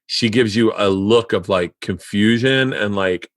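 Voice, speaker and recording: A man hosting a podcast in casual chat, telling rambling, profane, excitable stories into a studio mic. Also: lowish voice, measured pace, few pauses, dry recording. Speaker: podcast host.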